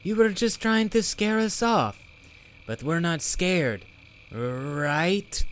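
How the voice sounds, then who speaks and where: A man's voice: a little high, expressive, takes it slowly, voice pushed up. A man playing a raised, coaxing talking satchel. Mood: reassuring. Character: living satchel creature, caring and protective.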